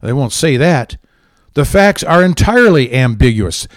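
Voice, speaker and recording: A man's voice: mid-range voice, sing-song, normal speed, dry recording. A man hosting a political talk show, ranting with heated, indignant sarcasm. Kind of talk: angry political commentary.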